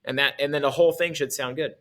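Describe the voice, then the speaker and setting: A man's voice: medium pitch, fairly even intonation, fast talker, a bit bright. A male music teacher explaining articulation in a casual way, correcting himself as he goes and demonstrating on his instrument.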